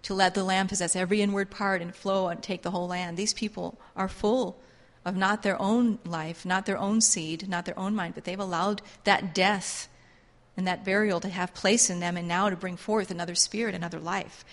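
A woman's voice: medium pitch, fairly even intonation, moderate pace. A woman teaching a Bible class in a fervent, repetitive preaching style. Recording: long hall reverb.

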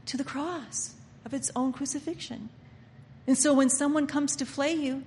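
A woman delivers an impassioned sermon in a fairly high voice, moving between hushed, intimate lines and forceful emphasis. She mocks people by acting out their inner voices. Her voice rings with the long reverb of a church hall over a faint background hiss. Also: unhurried. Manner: impassioned, swinging between soft murmurs and loud emphatic lines. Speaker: preacher.

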